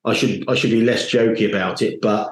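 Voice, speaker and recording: A man's voice: fairly low pitch, steady tone, brisk, roomy sound, low-quality recording. A man on a panel, blunt and jokey, giving strong opinions and swearing casually.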